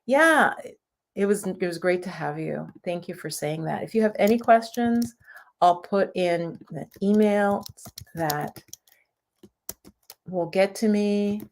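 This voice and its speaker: A woman's voice: mid-range voice, takes it slowly, long pauses. A woman yoga and meditation teacher talking casually and reassuringly to viewers of a livestream. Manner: chatty, reassuring, sometimes laughing.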